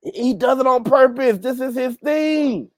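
A man co-hosting a wrestling podcast, throwing in quick quips and jokey asides. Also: very high voice, dry recording, clean studio sound. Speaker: podcast co-host. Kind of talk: casual wrestling talk.

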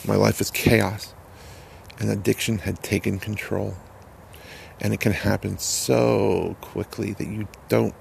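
A man telling a personal testimony in a halting, earnest way, repeating words as he goes. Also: fairly low pitch, gravelly, a little mellow, slight background noise. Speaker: person sharing a recovery story.

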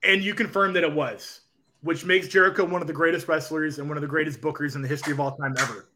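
Male podcast co-host, bright timbre, rambling analytical style, casual and unscripted. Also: on the high side, fairly even intonation, fast talker, a little hiss or hum.

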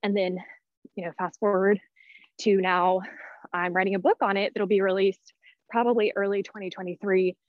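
Her mid-range voice has little pitch movement, a moderate pace and long pauses, and the recording is dry. She's a woman in her thirties guesting on a podcast as a personality-type teacher, breathless and casual with many fillers and restarts. Overall the sound is dull, dry and lo-fi.

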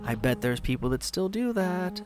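A man's voice: sits high, very animated, moderate pace, over music. A man hosting a solo podcast into a studio microphone, casual, rambling and sarcastic. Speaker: podcast host.

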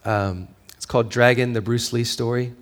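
A male pastor giving a sermon, moving between quiet storytelling and raised, emphatic preaching, with a conversational habit of asking "right?". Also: mid-range voice, fairly even intonation, moderate pace. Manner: conversational, with fillers and frequent "right?".

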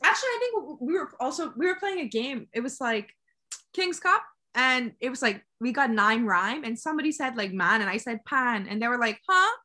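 A young woman with a Bahamian accent tells stories with lively energy and acts out other people's voices. Her voice is bright and slightly high. She sounds quick and expressive. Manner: animated storyteller, acts out voices. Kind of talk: casual chat.

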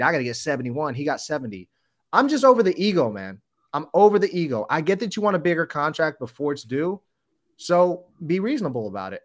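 A middle-aged man co-hosting a casual sports podcast, ranting in a fired-up way. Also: a little high. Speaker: podcast co-host.

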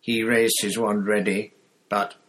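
A man narrating a storybook aloud at a slow, measured pace. His low voice has a husky, breathy grain. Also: little pitch movement, a bit bright, poor audio. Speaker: audiobook narrator. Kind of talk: storybook reading.

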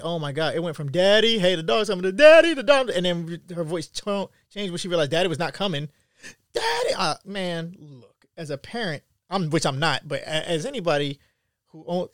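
A young man talks straight into a close mic in a dry, deadened space, his voice sitting a little high for a man. He rants through a profane commentary monologue, jumping from loud outbursts down to low mutters. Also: no echo.

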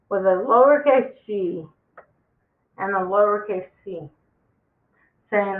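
Slow drawl preaching end times, tinny phone-ish sound. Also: medium pitch, steady tone, echoey room. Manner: emphatic, preachy, repeats for stress. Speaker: religious vlogger. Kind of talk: impassioned end-times warning monologue.

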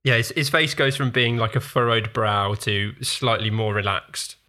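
A man with a low but bright, forceful voice plays a tabletop role-play. He talks in a laid-back, wry way. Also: normal speed. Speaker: player. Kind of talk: playing a tabletop game.

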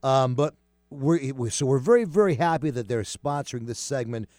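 A man's voice: normal speed, dry recording, studio quality. A man with a New York accent hosting a talk show in casual, rambling chat. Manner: animated, rambling, loud jumps in pitch.

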